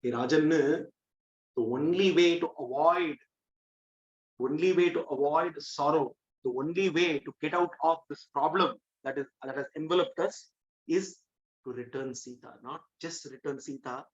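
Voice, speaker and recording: A stern, wise royal counselor, as a man plays him warns and pleads earnestly. His voice sits somewhat high, and the recording is dull. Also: a little slow, breathy edge. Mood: pleading.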